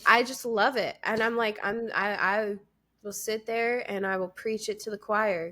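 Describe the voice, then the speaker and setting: Young woman, casual podcast chat, candid, animated storyteller, mid-pitched voice. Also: a little slow. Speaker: podcast co-host and streamer.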